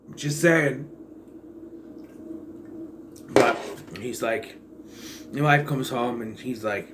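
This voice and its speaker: A man's voice: medium pitch, slow pace, very noisy. A man giving a casual, rambling movie review in a sarcastic, blunt way.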